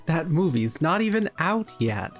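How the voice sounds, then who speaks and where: A let's-play co-host tossing off dry, wry asides in a slow, unhurried drawl. The pitch moves a lot, giving even the deadpan lines a lively lilt. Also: soft background music. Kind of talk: casual commentary.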